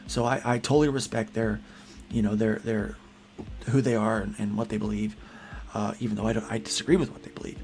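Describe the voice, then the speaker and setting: A man's voice: fairly low pitch, steady tone, quick pace, vocal fry, a little mellow, soft background music. A man co-hosting a casual livestream podcast, talking earnestly and rambling with frequent restarts and repeated words. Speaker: podcast co-host.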